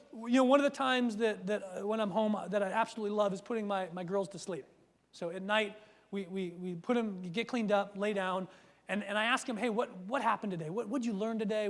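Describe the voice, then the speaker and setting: A man coaching a live seminar audience, energetic, checking in with "right?" and acting out his stories loudly. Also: high-pitched. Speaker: workshop speaker and coach. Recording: long hall reverb.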